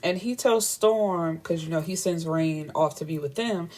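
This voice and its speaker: A young woman with a slightly low voice talks through a novel's plot in a relaxed, chatty way. She acts out lines from the scenes and breaks in with her own blunt remarks. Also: measured pace. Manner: chatty, retells scenes with quoted dialogue and blunt asides. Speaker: book reviewer. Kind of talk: casual book recap.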